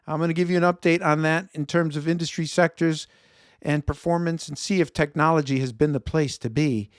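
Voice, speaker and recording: A man from Chicago, with a Chicago accent, hosts an investment show and talks casually through market commentary, reading viewer feedback and correcting himself as he goes. His voice is fairly high with fairly even intonation and a fairly quick pace, recorded in studio quality with no echo.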